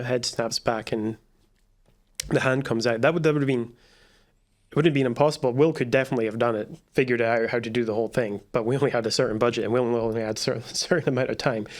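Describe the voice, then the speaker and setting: A man with an average-pitched voice is a guest on a podcast. He rambles through his account of how shots were made, often restarting sentences and laughing in between. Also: gravelly. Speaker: filmmaker guest. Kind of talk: casual chat.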